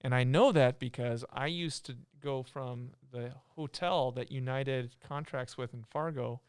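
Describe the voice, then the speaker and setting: A man's voice: mid-range voice, a little slow, smooth, no room sound, clean studio sound. A man co-hosting a podcast, chiming in casually with a side story and short affirmations. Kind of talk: casual chat.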